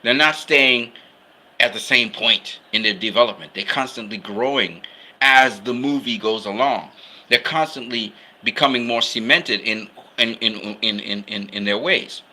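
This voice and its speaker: A man's voice: medium pitch, a little slow, bright, forceful tone. A man talking casually about films he loves, in an enthusiastic, rambling way. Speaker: film fan commentator. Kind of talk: casual film commentary.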